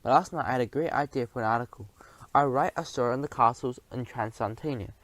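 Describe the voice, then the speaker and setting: A man reading an audiobook, voicing the narrator's grown sister, a brisk, teasing and bossy female mouse. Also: medium pitch, a bit bright, no echo, natural voice. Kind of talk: audiobook character voice.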